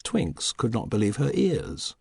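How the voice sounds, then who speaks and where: Male audiobook narrator, husky and dry, wry measured delivery with a lively pitch. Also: no room sound. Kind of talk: scripted narration.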